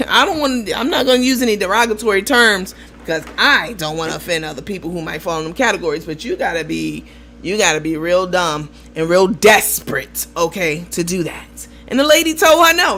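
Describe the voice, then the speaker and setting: A woman with a mid-range voice hosts a casual gossip commentary show. She talks in a lively, profane way and acts out the voices of the people she quotes.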